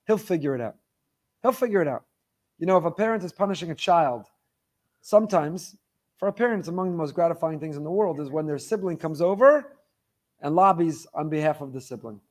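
A man with a notably high voice delivers a weekly faith lecture. He speaks with fervor and hammers his points home by repeating phrases and firing off rhetorical questions. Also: a little mellow. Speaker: Torah teacher.

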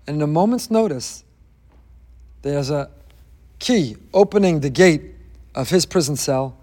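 A man's voice: fairly high pitch, lively intonation, a little slow, long pauses, dark tone, big-room sound. A man teaching a sermon on the weekly Torah portion, an emphatic storyteller who sprinkles in Hebrew terms.

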